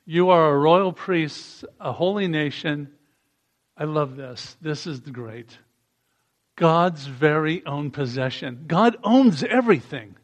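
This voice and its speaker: A man's voice: on the high side, slow. A man preaching a sermon, reading scripture aloud and asking the congregation to repeat lines after him. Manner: reads passages aloud and leads call-and-response.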